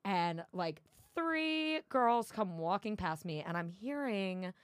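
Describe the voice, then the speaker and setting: A woman's voice: medium pitch, animated, takes it slowly, smooth, no echo. Woman podcaster rambling thru a story, um and uh everywhere, pretty dry sound. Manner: rambling storyteller, lots of fillers, dramatic quoted voices. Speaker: podcast co-host. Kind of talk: casual chat.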